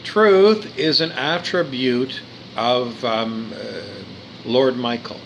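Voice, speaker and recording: A man's voice: mid-range voice, slow pace, fairly bright tone, a little hiss or hum. A man giving an earnest spiritual monologue, repeating his phrases and stumbling over his words. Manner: earnest, repetitive, with stumbles and restarts.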